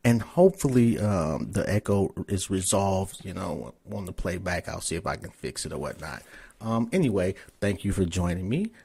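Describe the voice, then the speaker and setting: A man's voice: low voice, lively intonation, normal speed, creaky, dark tone, husky. A man hosting a podcast, talking loosely and cursing casually. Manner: loose, profane, chatty. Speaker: podcast host. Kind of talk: casual interview chat.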